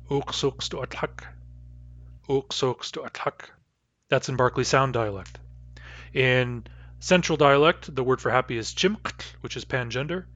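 Man slowly teaching words in a dull dry recording. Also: mid-range voice, fairly bright tone, no room sound. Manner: slow, careful repetition of example words. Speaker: language teacher. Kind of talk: language lesson.

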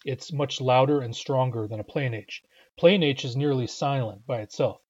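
A man gives a patient, methodical pronunciation lesson, often pausing with filler sounds. His voice is a bit husky at a middling pitch. The recording sounds slightly dull and lo-fi. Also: a little mellow. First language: English. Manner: patient, explanatory, frequent uh fillers. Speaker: language teacher.

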